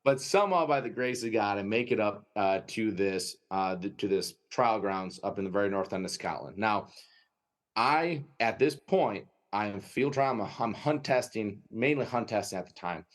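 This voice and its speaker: A man with a Wisconsin accent, a guest telling a lively anecdote in an interview and often tagging his sentences with "right?". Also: lowish voice, normal speed. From United States. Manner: lively anecdotal storytelling, frequent "right?" tags. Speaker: guest, dog trainer. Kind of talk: storytelling interview.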